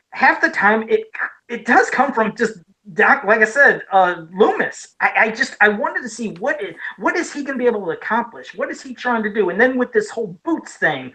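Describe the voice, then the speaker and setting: A woman from Ohio, USA, co-hosts a casual podcast about horror films, eagerly retelling scenes with plenty of restarts and asides. Her medium-pitched voice is a bit bright, and the recording is rough.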